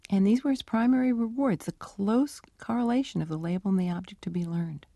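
Gravelly-voiced woman researcher. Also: mid-range voice, brisk, no room sound, clean studio sound. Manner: animated storytelling, acts out dialogue. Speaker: animal cognition researcher. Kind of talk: interview answers.

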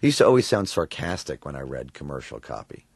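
A man from New York, a voice actor, answering interview questions in an animated way, laughing often and thinking aloud with fillers. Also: extremely low pitch, fast talker, gravelly, husky, no echo, clean studio sound. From New York, USA. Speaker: voice actor guest.

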